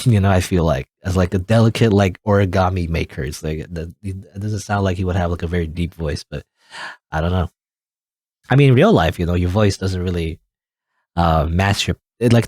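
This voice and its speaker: A man's voice: low-pitched, a little mellow, husky, no room sound, clean studio sound. A man giving rambling, self-deprecating commentary while playing through a visual novel. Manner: rambling, self-deprecating, laughs at his own voices. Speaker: let's play host. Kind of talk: casual gameplay commentary.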